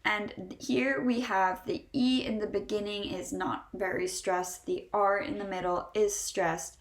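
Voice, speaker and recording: A woman with a Northeastern American accent teaching English pronunciation, sounding out model words slowly and repeating each one. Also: medium pitch, fairly even intonation, echoey room. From Northeastern United States. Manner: slow, drawn-out model words repeated three times. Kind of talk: pronunciation lesson.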